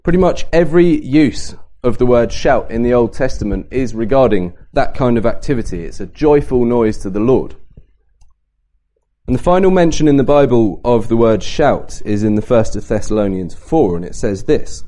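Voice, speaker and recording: A man giving a Bible talk at a camp, lively and varying his pace and emphasis to make points. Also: medium pitch, normal speed. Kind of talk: sermon to a youth camp.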